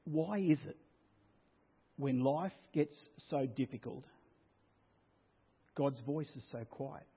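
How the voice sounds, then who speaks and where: A man preaching a sermon as pastor, swinging from loud declarations down to a hushed near-whisper. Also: mid-range voice, takes it slowly, gravelly, long pauses, slightly rough. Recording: tinny phone-like sound.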